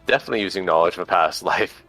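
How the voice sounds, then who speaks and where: Gravelly, bright-toned male player. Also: low voice, rapid-fire, faint music behind. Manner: matter-of-fact, questioning. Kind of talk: casual tabletop game play.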